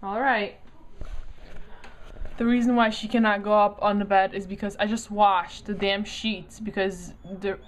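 A woman's voice: mid-range voice, little pitch movement, measured pace, slight background noise. A woman at home in her bedroom, talking to her dog in coaxing, teasing baby talk. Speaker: dog owner. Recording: dull lo-fi home video.

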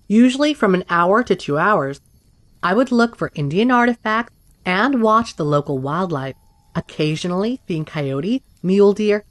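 A woman reading first-person accounts aloud in a steady, even scripted narration. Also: medium pitch, dry recording. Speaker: story narrator.

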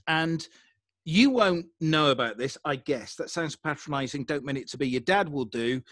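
Older man, neutralized English accent, fairly high voice, dry close sound, animated storytelling. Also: moderate pace, no echo. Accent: neutralized English, mid-Atlantic. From England. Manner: animated storyteller, breaks into mock radio DJ voice. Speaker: podcast guest. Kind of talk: casual podcast conversation.

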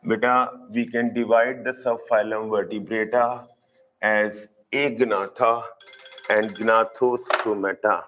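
Middle-aged zoology teacher, live class, unhurried, drills terms by repetition, checks in with students often. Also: male voice, lowish voice, level tone, fairly bright tone, soft background music, low-quality recording. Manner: slow, repeats key terms, asks students if they follow. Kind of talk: live online lecture.

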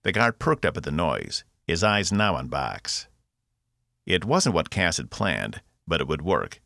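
A man narrating his own science fiction audiobook, expressive and voicing every character. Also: sits low, measured pace, gravelly, no echo, studio quality. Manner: expressive, voices all characters. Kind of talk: scripted narration.

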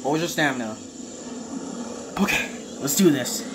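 A woman narrating a game as she plays it, her voice leaping up and down in pitch as she cheers and begs. She talks slowly, with steady noise under the recording. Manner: excitable, shouting and pleading at the screen. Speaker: gamer. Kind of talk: live gameplay commentary.

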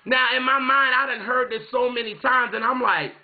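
A man's voice: very high voice, a little fast, few pauses. A man from South Carolina telling a story casually to his viewers, chatty and rambling, often saying "you know what I'm saying". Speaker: music vlogger. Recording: tinny phone-like sound.

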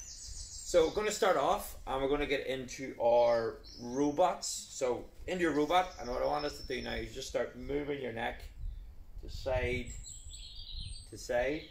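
A man's voice: mid-range voice, unhurried, vocal fry, echoey room, a little hiss or hum. A man leading a live children's PE class, giving playful step-by-step exercise cues. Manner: upbeat, playful, step-by-step cueing. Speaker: children's PE coach. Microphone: camera set back across the room.

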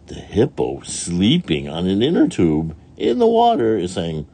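Slow, lively man reading to children. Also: low voice, a little hiss or hum. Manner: imitates animal and machine sounds; asks young listeners questions. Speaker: read-along narrator. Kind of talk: reading a picture book aloud to children.

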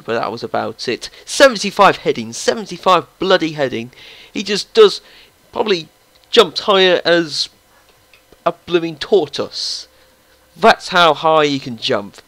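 A young man giving casual, excitable commentary while playing a football video game and talking to his players. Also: mid-range voice, no room sound, rough recording. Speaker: gaming YouTuber. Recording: faint background music.

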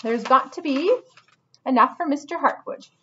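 A woman's voice: high-pitched, normal speed, bright, forceful tone, voice pushed up. A doting, plump porcupine cook fusses over everyone in a raised, bustling voice, a woman doing her. She calls everyone dear. The recording is dull and lo-fi. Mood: fussing. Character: plump fussing motherly female porcupine cook.

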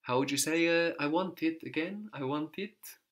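A man's voice: a little high, moderate pace, a bit bright. A man teaching a language lesson, patiently prompting a student and repeating her answers.

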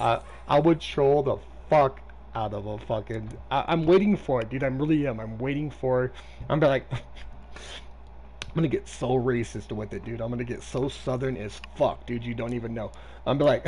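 A man's voice: medium pitch, moderate pace, darkish tone, a little hiss or hum. A man streaming a video game, chatting casually and rambling with lots of swearing. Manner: profane, rambling, talking to a friend. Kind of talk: casual gaming stream chat.

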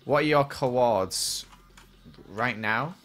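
A man's voice: medium pitch, extremely slow, a bit bright, slight background noise. A young man chatting casually on a gaming livestream and answering viewer questions as he plays.

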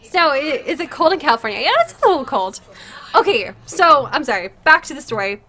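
A young woman tells a story on her livestream in a high, bright voice. She rambles chattily, leans on fillers, and keeps stopping to answer her viewers. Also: expressive, a little fast. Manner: chatty, full of fillers, breaks off to answer chat.

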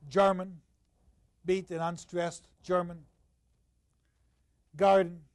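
An older man teaches university literature in a flat delivery captured on a dry recording. He alternates emphatic, loud statements with low asides and reads passages aloud at a slow, rhythmic pace.

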